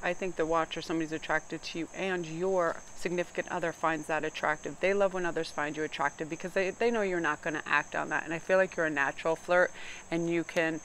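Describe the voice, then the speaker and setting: A woman's voice: sits low, fairly even intonation, fast, a bit bright, slight background noise, rough recording. A woman giving a chatty tarot reading to camera, joking and laughing often as she talks. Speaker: tarot card reader. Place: outdoors. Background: faint crickets and insects.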